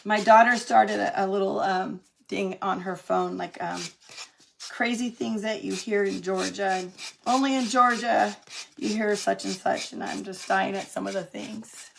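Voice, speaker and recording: A woman's voice: mid-range voice, fairly even intonation, unhurried, vocal fry, slight background noise. A middle-aged woman from California chatting through a live craft demo, laughing often and answering viewer comments as she works. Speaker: craft demonstrator on a live stream.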